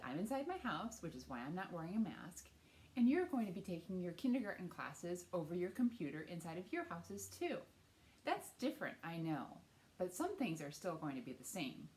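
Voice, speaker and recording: A children's librarian runs a storytime from her home, speaking to young children in an animated, encouraging way. Her voice is fairly low and she talks at a normal speed.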